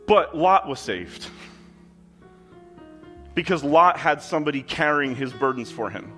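A man's voice: a little high, expressive, measured pace, fairly bright tone, soft background music. A man preaching a sermon in a conversational style, with emphatic asides to the congregation. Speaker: pastor. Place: church with kids in the room.

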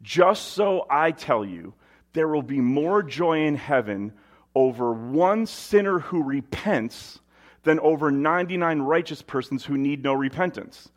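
A man's voice: a little high, animated, unhurried. A man preaching a sermon, reading scripture aloud and asking rhetorical questions in a conversational way.

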